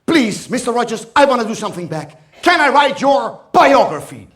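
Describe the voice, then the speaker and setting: A man's voice: extremely high pitch, very animated, normal speed, fairly bright tone, exaggerated voice. A man with a Dutch accent playing an eager blind ex-fireman who turns vulgar. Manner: earnest then suddenly vulgar. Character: blind wheelchair-bound ex-fireman, foul-mouthed.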